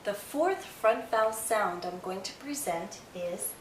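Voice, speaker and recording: A woman teaching English vowel sounds, speaking slowly and modeling each sound with clear articulation. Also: on the high side, expressive, recorded from a distance, slight background noise. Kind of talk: slow scripted pronunciation lesson. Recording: roomy echo, faint music behind.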